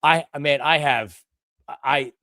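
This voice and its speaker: An older man hosting a live sports talk stream, passionate and emphatic, repeating himself and at times breaking into shouts. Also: on the high side, slow, dry recording, studio quality. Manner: bursts into shouting. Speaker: sports show host.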